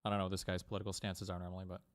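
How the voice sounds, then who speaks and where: A man's voice: deep voice, monotone, racing. A man chatting casually and offhandedly with his audience as he signs off. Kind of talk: casual chat.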